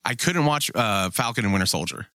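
A man's voice: on the low side, no echo, studio quality. A man co-hosting a podcast in casual chat, swearing freely and acting out quotes with energy. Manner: profane, animated, quick to act out quotes. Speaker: podcast co-host.

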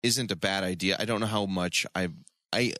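A man's voice: low-pitched, steady tone, moderate pace, pushed and bright, no echo, clean studio sound. A man co-hosting a podcast, chatting casually with a sarcastic, wry manner. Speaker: podcast co-host. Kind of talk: casual chat.

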